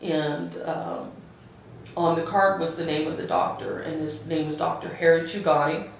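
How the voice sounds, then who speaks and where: A woman telling her family's story to the camera in a halting, earnest way, with many pauses and restarts. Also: deep voice, fairly even intonation, vocal fry, a little hiss or hum. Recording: very echoey room, voice from a distance.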